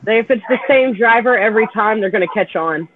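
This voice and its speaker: A woman's voice: a little high, quick pace, no room sound. A blunt woman who swears casually, chatting over a tinny phone-like line. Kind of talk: casual chat.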